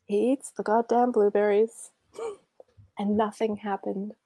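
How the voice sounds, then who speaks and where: Expressive Australian woman telling her story. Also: mid-range voice, a little slow, dry recording. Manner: expressive, animated, drops to hushed whispers. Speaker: guest sharing a healing story. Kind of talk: emotional personal storytelling.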